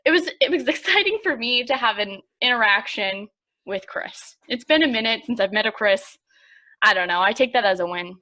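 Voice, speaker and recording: A woman's voice: fairly high pitch, animated, moderate pace, bright, forceful tone. A young woman co-hosting a podcast, telling stories in a chatty way with lots of fillers. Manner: chatty storyteller, many fillers. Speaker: podcast co-host. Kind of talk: casual chat.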